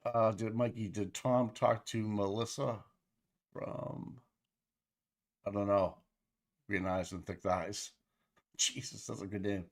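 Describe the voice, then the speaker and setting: A man's voice: lowish voice, fairly even intonation, takes it slowly, long pauses. A man co-hosting a livestream in casual, profane, rambling chat with his viewers. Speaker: livestream co-host.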